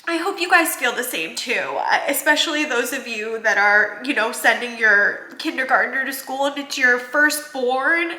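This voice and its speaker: A woman's voice: high voice, normal speed, few pauses, sharp tone. A woman in her thirties from New Jersey, vlogging to camera, tearful and rambling with restarts and fillers. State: tearful, crying. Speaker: vlogger, working mom. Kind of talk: casual vlog talk to camera. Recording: roomy echoey room sound.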